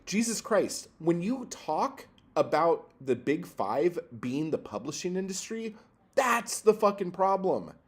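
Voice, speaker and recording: On his poetry livestream, a man vents in an exasperated, foul-mouthed rant, lurching from loud bursts down to quiet mutters.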